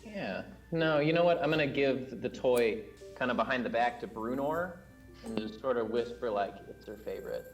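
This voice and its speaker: A man's voice: mid-range voice, moderate pace, soft background music. A man playing a tabletop game, describing his character's moves in a playful, teasing way. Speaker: player. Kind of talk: casual tabletop role-play.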